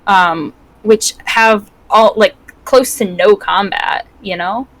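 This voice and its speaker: Woman rambling along on a podcast, mid pitch, lots of likes, animated. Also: slow, poor audio. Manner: chatty, animated, many fillers. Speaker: podcast co-host. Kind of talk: casual chat.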